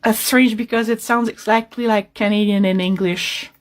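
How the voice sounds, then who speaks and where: A woman's voice: medium pitch, steady tone, normal speed. A woman recounting a work story hesitantly, with fillers. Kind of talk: casual storytelling.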